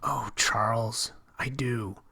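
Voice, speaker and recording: A man with a husky voice voicing a timid young woman come to life in a department store, speaking in a soft, breathy half-whisper in an audiobook reading. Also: medium pitch, fairly even intonation, slow, full character voice. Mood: tearful.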